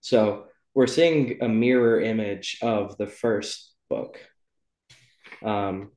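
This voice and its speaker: A low-pitched man talks through a book in a casual, rambling way, full of ums and restarts as he corrects himself. He hosts the show. His voice carries a roomy echo. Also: a little mellow. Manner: loose and rambling, many ums and self-corrections. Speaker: podcast host. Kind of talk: casual book club chat.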